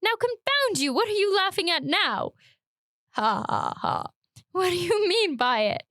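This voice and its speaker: Brief: gruff sailor customer, quick-tempered and loud, pitched high, dry close sound, a woman putting him on. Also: very animated, no room sound, exaggerated voice. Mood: indignant. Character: blunt, gruff seafaring man, quick to anger. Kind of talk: dramatic read-aloud.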